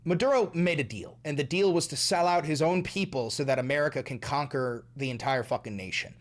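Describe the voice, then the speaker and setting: A man's voice: fairly high pitch, brisk. Heated, profane male political commentator.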